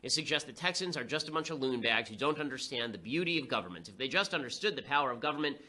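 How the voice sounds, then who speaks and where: A young man delivering a fast, sarcastic, combative political commentary monologue. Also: mid-range voice, animated, bright, forceful tone.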